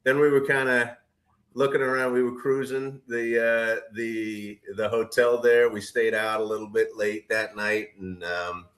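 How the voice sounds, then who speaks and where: A man's voice: medium pitch, level tone, unhurried, a bit bright. A middle-aged man co-hosting a casual podcast chat, rambling with lots of fillers and restarts. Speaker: podcast co-host.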